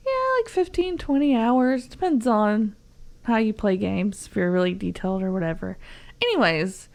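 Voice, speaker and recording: A woman's voice: medium pitch, lively intonation, moderate pace, gravelly. A young woman with a Southern US accent, chatting as a podcast co-host, rambling with fillers and frequent giggles. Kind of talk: casual podcast chat.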